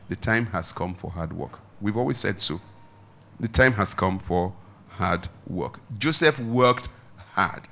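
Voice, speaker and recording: Emphatic male pastor, low voice. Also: measured pace, a bit bright. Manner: emphatic, dramatic swings of pitch and volume. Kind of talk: sermon.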